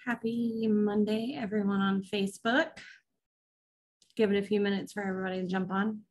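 A woman's voice: medium pitch, flat delivery, fairly quick, background noise. Chatty woman hosting a live stream. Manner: chatty, greets viewers by name. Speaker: host of a racing recap show. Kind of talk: casual live-stream chat.

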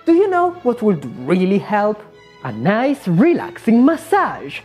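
A woman's voice: huge pitch swings, unhurried, darkish tone, faint music behind. A woman doing a comic supervillain-persona narration, theatrical and sarcastic. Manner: theatrical, sarcastic, swinging wildly in pitch. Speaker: YouTube maker.

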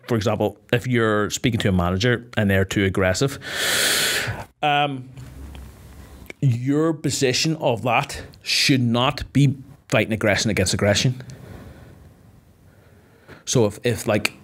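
A man, an MMA fighter, chatting casually on a podcast, swearing freely and filling his speech with "like" as he explains. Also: mid-range voice.

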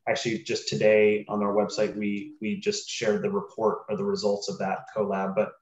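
Panelist, male, low monotone delivery, roomy and muffled video-call sound. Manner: measured, with many fillers and restarts. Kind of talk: webinar panel discussion.

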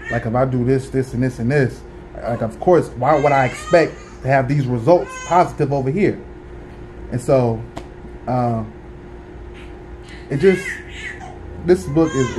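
A man's voice: medium pitch, a little mellow, slight background noise. A man in his thirties at home, talking casually to camera in a book review, with laid-back slang and lots of fillers and restarts.

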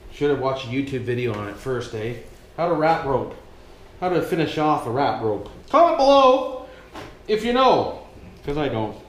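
A man's voice: medium pitch, sing-song, moderate pace, slight background noise. A Canadian man vlogging casually as he works, joking and swearing and talking to his viewers as "boys". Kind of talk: casual vlog while working. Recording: echoey room.

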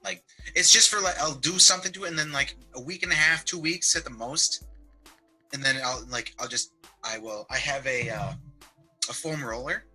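A man's voice: medium pitch, moderate pace, pushed and bright, husky, soft background music, low-quality recording. A young man, a guest on a call-in show, chatting loosely over a video call, with lots of "like" and mild swearing. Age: young adult. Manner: loose, laid-back, peppered with "like" and mild swearing. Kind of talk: casual chat.

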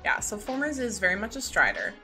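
A young woman streaming a block-building game, chatting casually and greeting her viewers excitedly. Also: mid-range voice, brisk. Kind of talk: casual live-stream chat. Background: faint background music.

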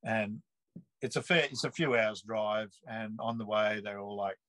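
A man's voice: lowish voice, a little slow, dry recording, rough recording. A man in his sixties with an Australian accent, telling a personal story in an interview and acting out the people he quotes. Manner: lively storyteller who acts out the people he quotes.

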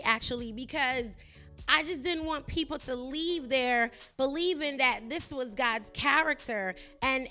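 A middle-aged woman hosting a Christian talk show, animated as she tells a personal faith story. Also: sits high. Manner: animated storytelling, rising loud when reenacting herself.

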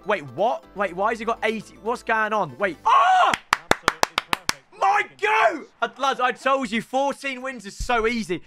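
A young man commentating his own football video game matches, excitable and sweary, ribbing his opponents. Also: extremely high pitch. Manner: excitable, shouty, sweary banter. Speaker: gaming YouTuber. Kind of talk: live gameplay commentary. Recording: game music behind voice.

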